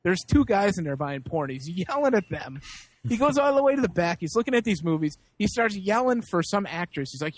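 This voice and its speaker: A man guesting on a casual podcast who tells his anecdotes in a high, lively voice. He swears freely and laughs through the story, and the sound is close and dry. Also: brisk, no room sound.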